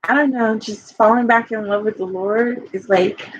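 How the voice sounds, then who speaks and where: A woman's voice: fairly high pitch, fairly even intonation, moderate pace, husky, no room sound. A woman life coach in a personal vlog, talking in a confessional, rambling way full of fillers. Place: home by a fire. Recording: dull lo-fi sound.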